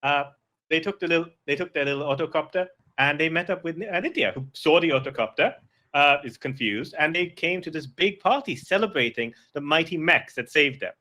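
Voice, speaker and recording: A man's voice: on the high side, lively intonation, fairly quick, sharp tone. A man narrating a tabletop game as game master, rambling with many fillers and restarts.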